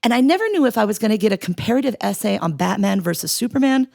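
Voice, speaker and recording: A woman, a writing professor and tutor, chatting casually on a podcast and telling lively stories. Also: medium pitch, quick pace, creaky, dry recording, studio quality. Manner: animated storyteller, puts on voices when quoting.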